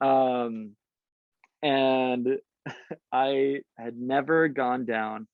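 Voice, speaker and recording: A man's voice: mid-range voice, steady tone, very slow, no room sound, phone-quality sound. A man in his thirties from Southern California tells a long anecdote as a podcast guest, with lots of fillers and cursing. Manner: rambling, profane, heavy on fillers like "like" and "um". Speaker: guest musician. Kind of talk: casual anecdote telling.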